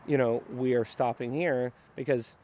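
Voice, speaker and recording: A man's voice: mid-range voice, steady tone, normal speed, dark tone. A man working as a dog trainer, explaining a training session in an upbeat, explanatory way and talking to the dog as he goes. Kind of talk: instructional training vlog.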